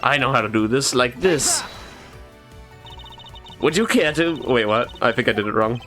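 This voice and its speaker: A man's voice: medium pitch, fairly quick, bright, forceful tone, soft background music. A man streaming a game, chatting casually, laughing at himself and reading lines aloud. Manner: laughing, self-mocking asides. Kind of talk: casual gaming commentary, reading dialogue aloud.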